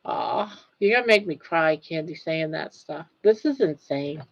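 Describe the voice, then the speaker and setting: An older woman hosts a relaxed livestream, reading comments aloud and chatting back at an unhurried pace. She laughs easily and sounds openly moved. Her voice is close and dry, with no room sound. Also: low-pitched, gravelly, dry recording, dull audio. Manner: chatty, laughs often, emotional and touched. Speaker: livestream host.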